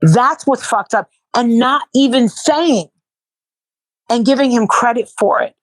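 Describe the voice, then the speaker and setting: This woman's voice is on the high side and a little slow. Worn out and sore from protesting, she's a guest in a casual interview, talking bluntly and profanely and repeating herself in bursts. The audio has no echo but is poor.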